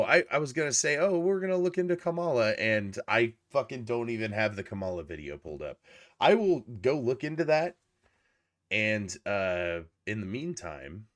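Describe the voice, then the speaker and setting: Male reaction host, profane and indignant, pitch swinging wide. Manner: indignant, heavy swearing. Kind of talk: casual profane commentary rant.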